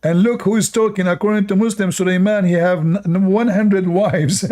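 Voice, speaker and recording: A man's voice: sits high, steady tone, moderate pace, warm tone. A man giving sarcastic commentary while reading religious stories aloud, often laughing at them. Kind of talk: mocking commentary on religious texts.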